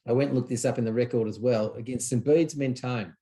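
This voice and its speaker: A man hosting a casual chat, telling his side of a story in an emphatic, excited way and repeating himself. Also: medium pitch, a little fast. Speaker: podcast host.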